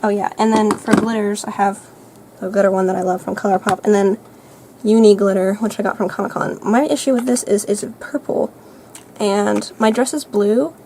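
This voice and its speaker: A teenage girl chatting casually through her makeup routine, rambling and thinking out loud. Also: mid-range voice, steady tone, normal speed, a little hiss or hum, poor audio. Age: teens. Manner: rambling, self-narrating, thinking aloud; soft, light voice at times. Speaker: vlogger. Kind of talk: chatty makeup get-ready-with-me vlog.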